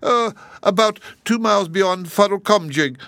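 A weepy female kangaroo wails and stammers in a shrill, squeaking voice, as a man puts her on. She is fussy and tearful, her words breaking on every sob in this storybook reading. The recording is close and dry. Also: unhurried, vocal fry, a bit bright, no echo, full character voice. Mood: plaintive. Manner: stammering through sobs, very high wailing voice.

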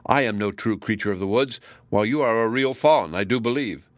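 Man reading a teasing young woman, low voice, dry, storybook. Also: a little fast, no room sound, lightly acted.

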